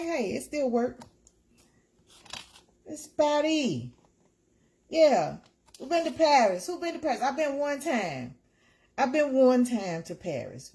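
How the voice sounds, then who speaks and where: A woman's voice: fairly high pitch, mellow. Chatty woman hosting a live stream. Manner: chatty, repeats herself, talks to viewers by name. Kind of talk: casual live-stream chat.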